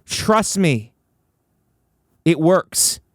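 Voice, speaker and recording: In a studio, an American man hosts a solo comedy podcast, delivering mock-motivational rants that leap from high, excited bursts to low, flat asides. He draws out his words, and the recording is dry.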